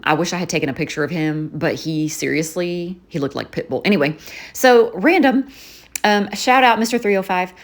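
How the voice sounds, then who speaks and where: A woman vlogger telling a rambling story in a casual chat, full of fillers and asides. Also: on the low side. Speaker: journaling vlogger.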